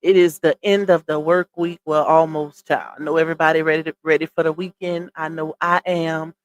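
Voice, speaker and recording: Slightly winded by a cold, a woman with a deep, level voice hosts a chatty gossip livestream, speaking a little fast and welcoming viewers by name. She's recorded on a computer streaming setup.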